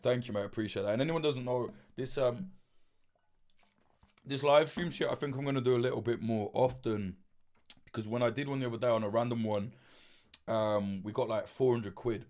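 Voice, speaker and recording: At a moderate pace and medium pitch, with a slightly mellow voice, a man in his late twenties hosts a livestream. He chats casually and rambles, cursing freely and often restarting or using fillers.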